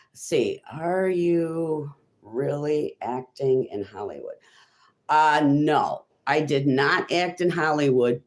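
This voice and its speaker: A woman from Illinois talks casually on her own live stream. She rambles from one thought to the next, fills gaps with ums and stops to reply to comments from her viewers. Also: extremely low pitch. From Illinois, USA.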